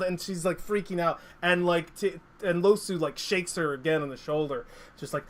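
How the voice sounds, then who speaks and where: A man's voice: a little high, moderate pace. A man narrating as game master, rambling with many fillers.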